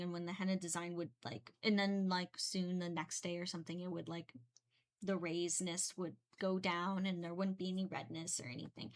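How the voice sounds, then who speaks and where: A young woman chatting casually while she paints, rambling with many fillers and small giggles. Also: on the low side. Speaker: painting streamer.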